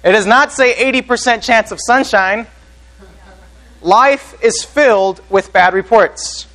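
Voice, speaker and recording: A man's voice: very high voice, measured pace, a bit bright, low-quality recording. A man preaching a sermon as pastor, earnest, often putting questions to the congregation.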